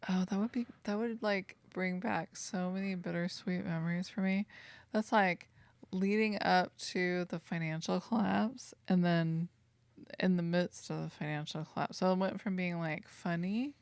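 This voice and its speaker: A woman's voice: fairly low pitch, fairly even intonation, normal speed, dry recording. A woman co-hosting a casual podcast chat, laughing often and joking at her own expense. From Northern California. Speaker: podcast co-host.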